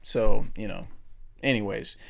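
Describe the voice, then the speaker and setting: A man's voice: on the low side, unhurried, vocal fry. Loose, profane young guy on a podcast. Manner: loose and profane, laughs often at his own retellings. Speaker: podcast co-host. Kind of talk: casual chat.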